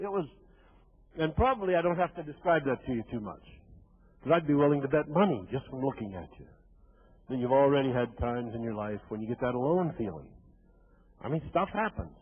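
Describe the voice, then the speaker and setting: An older man in his sixties with a somewhat high, husky voice delivers a motivational keynote. He tells his story in vivid first person and throws in wry asides to the crowd. The recording is tinny and lo-fi, like it came through a phone line. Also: animated, brisk. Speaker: motivational speaker.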